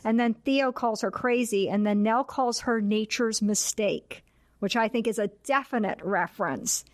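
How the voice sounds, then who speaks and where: Woman podcast host, retells movie scenes with lots of energy, kinda high voice, dry sound. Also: moderate pace, no room sound. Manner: animated retelling, acts out quotes. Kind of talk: casual film discussion.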